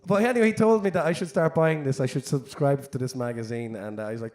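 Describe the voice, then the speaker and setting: A man's voice: fairly high pitch, expressive, quick pace, hardly any pauses, darkish tone. An Irish man, a singer-songwriter telling a rambling, self-deprecating story between songs at a live concert. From Ireland.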